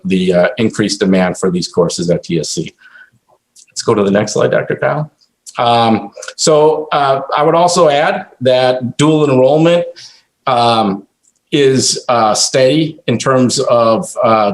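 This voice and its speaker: A man presenting slides at a college board meeting, halting speech with many fillers and restarts. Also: fairly low pitch, rough recording.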